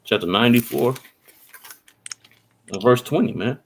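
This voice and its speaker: A man's voice: medium pitch, gravelly, slight background noise. A man preaching and reading scripture aloud, asking rhetorical questions and tagging his lines with "man.". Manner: reads verses slowly, asks rhetorical questions, tags lines with "man". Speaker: street preacher.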